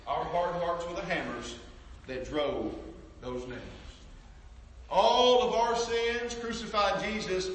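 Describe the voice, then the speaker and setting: Fervent high-voiced preacher in a hall. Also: male voice, slight background noise. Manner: passionate, repeats words, swings from loud to hushed. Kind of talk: sermon. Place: church sanctuary. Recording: echoey hall from far off.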